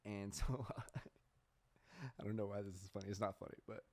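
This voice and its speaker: Young male podcast host, lowish voice, loose rambling storyteller who swears freely. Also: a little slow, a little mellow. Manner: rambling, swears often, laughs at himself; reads search results aloud. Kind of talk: casual storytelling chat.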